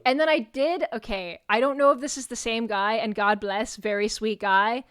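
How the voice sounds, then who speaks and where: A young woman streamer telling a story to her chat, animated and swearing freely as she acts out what people said. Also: fairly high pitch, moderate pace, clear, resonant tone, no room sound, clean studio sound. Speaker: VTuber streamer.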